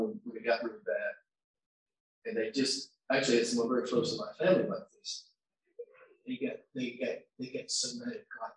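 A male pastor preaching a sermon, shifting between quiet reflection and loud shouts, recorded far from the mic in a large church hall. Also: medium pitch, slight background noise. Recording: very echoey hall, distant mic.

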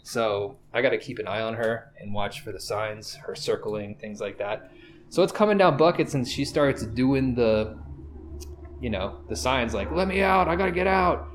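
A man's voice: fairly low pitch, measured pace. Man, podcast host, rambling, profane, casual chat, audible background noise.

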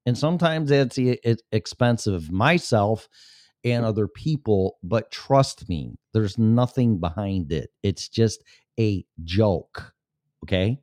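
A man's voice: on the low side, lively intonation, slow, a little mellow, dry recording, clean studio sound. A man hosting a podcast in a casual live-stream monologue, sarcastic, profane and rambling. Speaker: podcast host.

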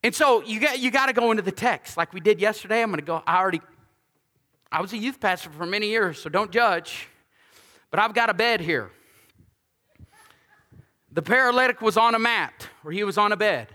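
A man preaching a sermon as pastor, conversational and lively, with humorous asides and repeated lines for emphasis. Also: high voice, fairly quick, pauses often, long reverb tail.

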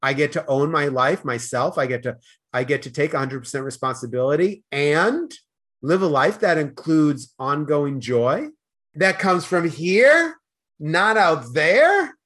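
A man with a Boston accent talking fast as a podcast guest, with stammered restarts and slurred words. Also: on the high side, lively intonation, a bit bright. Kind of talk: casual conversation.

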